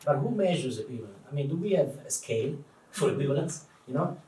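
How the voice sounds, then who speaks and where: A man with an Italian accent, a native Italian speaker, talks as a guest translator in a live public conversation, thoughtful and animated with many restarts. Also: medium pitch, fast. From Italy. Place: event room before an audience. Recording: echoey room, distant mic, faint noise.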